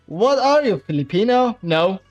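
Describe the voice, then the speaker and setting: A man's voice: high-pitched, big pitch swings, moderate pace, highs cut off, soft background music. A man from Iran with a Persian accent, his first language being Persian, chatting casually with his chat on a game livestream, laughing often and bantering playfully. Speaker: streamer.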